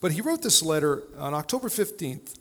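A man preaching a sermon with a fairly high voice, loose and conversational, telling stories with frequent "uh" and "you know." His voice rings out with a long reverb, as if recorded in a large church hall. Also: big pitch swings, fairly quick. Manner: conversational storytelling with frequent fillers. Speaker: pastor.

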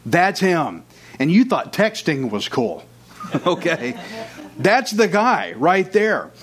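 Man preaching a lively sermon. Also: high-pitched, takes it slowly. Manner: conversational preaching with asides and jokes. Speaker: pastor. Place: church.

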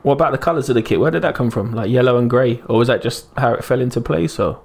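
Fast-talking gravelly man hosting. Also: mid-range voice, a little mellow. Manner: quick, teasing questions. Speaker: podcast host. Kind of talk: casual interview chat.

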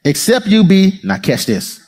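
Preaching with a high-pitched voice at a slightly slow pace, this pastor calls out to his congregation and acts out different voices in an animated sermon.

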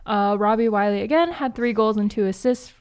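A woman's voice: medium pitch, smooth. A young woman in her twenties hosting morning announcements on college radio and reading a sports recap, with chatty asides. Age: 20s. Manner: reads scores briskly, chatty asides. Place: campus radio studio.

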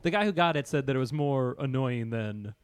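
Man, podcast co-host, casual chat, rambling, enthusiastic, middle pitch, dry close sound. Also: animated, brisk, smooth, no echo. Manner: rambling, enthusiastic storyteller with fillers.

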